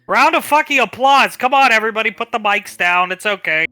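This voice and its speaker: A man voicing a brash, foul-mouthed film director who heaps loud, swearing, theatrical praise. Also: on the high side, expressive, normal speed, no echo, faint music behind. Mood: rowdy.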